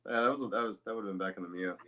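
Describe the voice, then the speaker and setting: Lowish, bright-edged man with dry teasing. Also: steady tone, racing. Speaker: guest voice actor. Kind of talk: casual chat.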